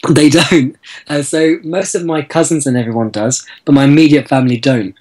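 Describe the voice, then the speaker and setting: A man's voice: on the high side, steady tone, normal speed, a little mellow, poor audio. A man speaking as a guest in a casual interview, earnest and thoughtful, restarting his words now and then. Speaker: guest blogger.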